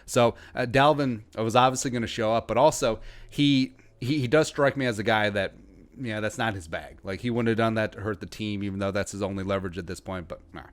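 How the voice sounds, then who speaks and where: A man's voice: fairly low pitch, brisk. A man hosting a sports podcast, chatting casually with lots of fillers and restarts, with a Midwestern American accent. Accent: Upper Midwestern American. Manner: conversational, many fillers and restarts. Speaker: podcast host.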